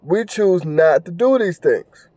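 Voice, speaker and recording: A podcast host talks alone in a casual, earnest, somewhat preachy monologue, repeating phrases and tripping over fillers. His voice sits high and is expressive and mellow, and he takes his time. The recording is dry.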